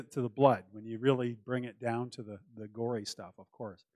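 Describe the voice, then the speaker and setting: A man delivers a sermon as a pastor, earnest and emphatic, circling back to his key phrases. His voice sits in an ordinary middle pitch. The sound is close and dry, with little room in it. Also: fairly even intonation, moderate pace, dark tone, no echo.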